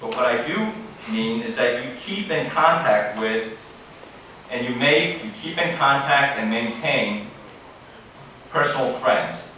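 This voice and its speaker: A man's voice: mid-range voice, lively intonation, slow pace, bright, forceful tone, a little hiss or hum. Man giving an earnest keynote in an echoey hall. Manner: earnest, advising, with asides and self-corrections. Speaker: keynote speaker. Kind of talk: formal banquet speech. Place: large banquet hall. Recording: very echoey hall, distant mic, faint room ambience.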